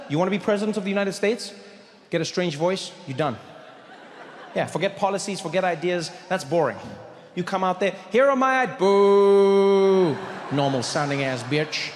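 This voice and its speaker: High-voiced stand-up comedian in a hall. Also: male voice, a little hiss or hum. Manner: repetitive punchy rhythm. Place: large hall on stage. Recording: echoey hall from far off.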